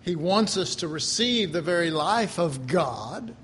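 A man with a fairly high voice preaches in a relaxed, chatty way, as though talking things through with his congregation. He leans on homey stories and slips into little acted-out voices for the people in them. A faint hiss sits under the recording. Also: unhurried. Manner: conversational, folksy preaching with stories and chuckles; acts out quoted voices. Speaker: pastor. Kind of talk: sermon.

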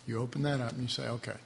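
In a church sanctuary, a pastor with a mid-range, gravelly voice preaches emphatically and repetitively, with laughing asides to his congregation. The recording carries long hall reverb and faint room noise.

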